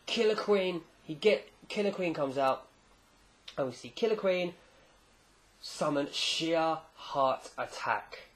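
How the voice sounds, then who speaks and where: A man talks through a comic chapter in a relaxed, rambling way, with frequent jokey asides. His voice sits a little higher than most men's. It sounds like an informal home recording. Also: takes it slowly. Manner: rambling, animated storytelling with asides. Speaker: manga chapter reviewer. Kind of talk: casual recap commentary.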